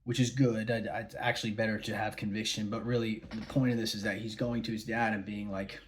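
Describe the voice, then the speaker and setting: A man's voice: on the low side, flat delivery, quick pace, few pauses, a little hiss or hum. A man talking casually to camera in a rambling way, retelling a parable with many restarts. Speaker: vlogger. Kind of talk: casual monologue.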